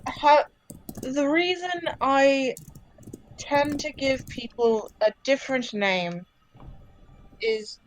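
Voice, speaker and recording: A woman's voice: high voice, slight background noise, low-quality recording. Woman doing a blunt skeptical adventurer. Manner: halting, restarting, matter-of-fact.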